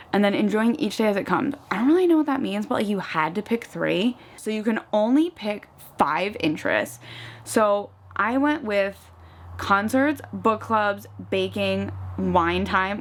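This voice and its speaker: A young woman from the US East Coast with a mid-range voice chats while doing makeup at home. The vlogger's get-ready-with-me talk is casual and chatty, filled with "like," and she acts out little retellings with animation.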